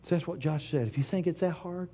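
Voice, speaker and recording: A middle-aged man preaching a sermon, swinging from loud declarations to hushed whispers. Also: fairly high pitch, fast, slight background noise. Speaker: pastor.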